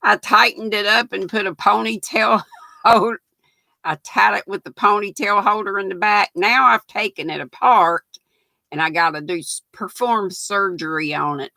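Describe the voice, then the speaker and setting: A woman's voice: mid-range voice, moderate pace, gravelly, pushed and bright, dry recording. An older woman, hosting a casual livestream and greeting her viewers by name in a folksy way. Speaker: livestream host.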